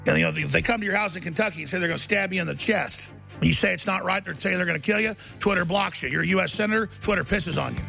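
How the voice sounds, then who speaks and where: A man's voice: high voice, quick pace, gravelly, bright, forceful tone, faint music behind. A man hosting a talk radio show, delivering an emphatic, rambling monologue full of restarts.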